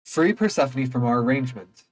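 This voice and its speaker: A man's voice: medium pitch, animated, fairly quick, natural voice. A man voicing a stern male god of the underworld who speaks in a grand, formal, commanding way, in a game.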